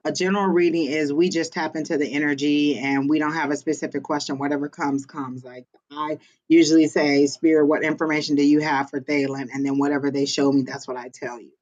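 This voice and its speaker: A woman's voice: deep voice, little pitch movement, a little fast, hardly any pauses, a little mellow. A woman in casual chat, asking questions and explaining things plainly. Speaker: psychic reader and co-host. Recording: dull lo-fi sound.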